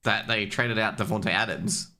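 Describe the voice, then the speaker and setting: A young man rambles through a casual stream chat with a low but bright, edgy voice, dropping swear words and tripping over restarts. He gets louder and more worked up when he rants, while keys clatter faintly near his desk mic. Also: normal speed. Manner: rambling, profane and loose, many fillers and restarts.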